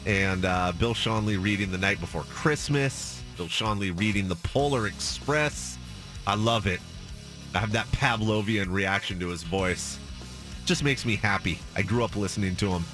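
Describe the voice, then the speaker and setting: A man's voice: on the low side, moderate pace, over music. A man hosting a sports radio show, chatting casually and telling an upbeat story from a studio.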